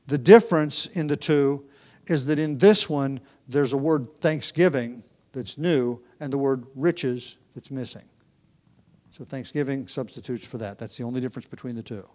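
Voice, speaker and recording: A man's voice: on the high side, normal speed, a little mellow. A man teaching through a Bible passage in sermon style, explaining step by step with frequent restarts and asides.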